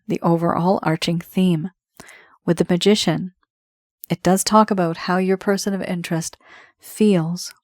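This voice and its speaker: Low-voiced woman giving a tarot reading. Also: a little mellow, no room sound, studio quality. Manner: reassuring, conversational, addresses viewer directly. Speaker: tarot reader.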